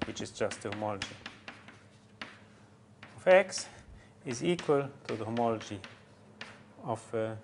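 A man giving a university mathematics lecture, halting often with fillers and restarts as he works through a proof. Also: mid-range voice, lively intonation, vocal fry, a little hiss or hum. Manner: halting, many fillers and restarts while writing.

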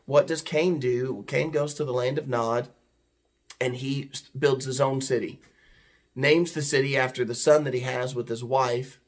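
A man giving a conversational Bible teaching, earnest and explaining, asking his listeners rhetorical questions. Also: mid-range voice.

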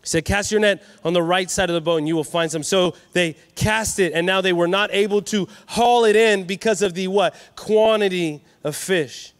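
A man from California preaching a sermon at a youth conference, energetic and calling for answers from the crowd. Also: high voice, normal speed, hardly any pauses. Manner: energetic, call-and-response with the crowd. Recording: reverberant hall.

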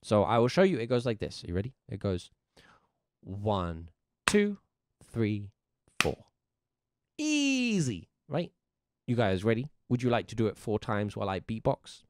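Male music teacher, livestream lesson: gravelly tone, very animated pitch, dry close sound, playful and encouraging. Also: a little fast, dry recording. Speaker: music teacher streaming live.

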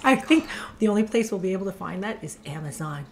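A woman's voice: medium pitch, expressive, fast, a little mellow. A woman co-hosting a podcast, chatting casually and agreeably, stressing her points by repeating words. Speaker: podcast co-host.

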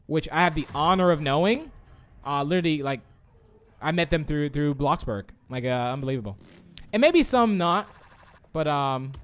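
Upbeat male streamer, higher-pitched, voice bouncing all over, chatty live game commentary. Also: clean tone. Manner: excitable, reads chat aloud, swings from shouts to mumbles. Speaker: livestream host.

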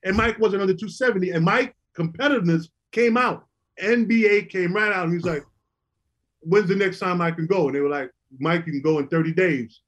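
Man, middle-aged, high voice, husky, animated storyteller, casual talk. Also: fairly quick. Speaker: former basketball player, recovery program founder.

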